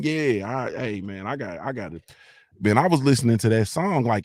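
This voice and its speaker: A man's voice: medium pitch, expressive, normal speed, a little mellow, dry recording, studio quality. A middle-aged man from Ohio, by way of Mississippi, hosting a casual live-stream morning show, rambling loosely, repeating "you feel me," and swearing freely.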